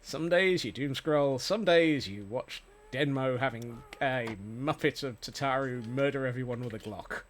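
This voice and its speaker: A man's voice: mid-range voice, measured pace, few pauses. A man chatting casually while streaming a game, rambling and playful, with many fillers and restarts. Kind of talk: casual gameplay chat. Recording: faint music behind.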